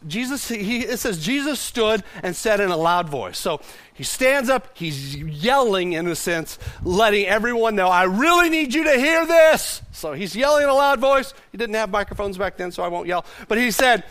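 A male pastor preaching a sermon to a congregation in a conversational, animated way, often repeating words as he goes. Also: sits high, dry recording.

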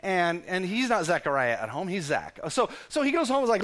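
A male pastor preaching a sermon with animated storytelling, often stumbling and repeating words. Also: high voice, brisk, few pauses.

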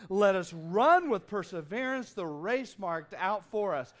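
A man pastor preaching a lively sermon with humor and a rhythmic, emphatic delivery on a stage mic in a church. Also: sits high, unhurried. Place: church auditorium.

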